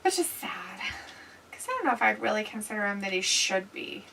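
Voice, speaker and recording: A woman's voice: mid-range voice, very animated, brisk, vocal fry, sharp tone, distant mic, slight background noise, rough recording. A woman co-hosting a casual live stream reaction to a wrestling show, joking crudely and reading chat comments aloud.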